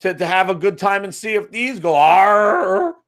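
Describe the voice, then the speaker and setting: Brisk and high, with a fairly bright tone, this man from the United States rants about a video game. As a gaming commentator, he's profane, sarcastic and exasperated throughout the monologue.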